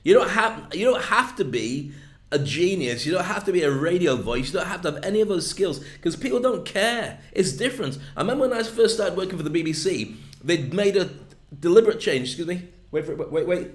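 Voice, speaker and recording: A man's voice: sits high, animated, brisk. Chatty northern English man, echoey room. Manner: chatty, jokey, digressive. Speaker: content marketing coach. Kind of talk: casual video lesson to camera.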